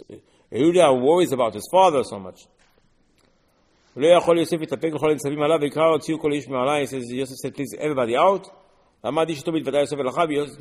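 Animated man teaching Torah, echoing hall. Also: on the high side. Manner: animated, rhetorical questions, quotes verses in Hebrew. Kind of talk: Torah class in English.

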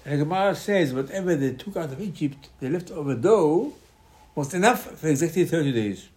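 A man's voice: on the high side, expressive, brisk, darkish tone. A man, a rabbi giving an informal Torah class in choppy English with lots of repetition. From Israel. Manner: choppy non-native English with many repetitions.

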